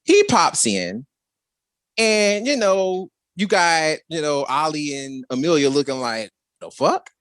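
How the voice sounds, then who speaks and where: Brief: lively, expressive co-host who acts out scenes and laughs a lot; dry, close sound. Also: medium pitch, slow, no room sound. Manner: animated, acts out characters' reactions, laughs often. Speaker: podcast co-host. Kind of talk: casual review chat.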